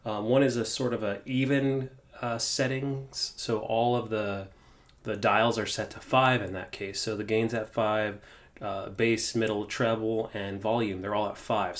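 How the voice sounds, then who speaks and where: Casual male gear-demo host, lowish voice, loose and unscripted delivery. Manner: relaxed, many fillers and restarts. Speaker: guitar amp tutorial host.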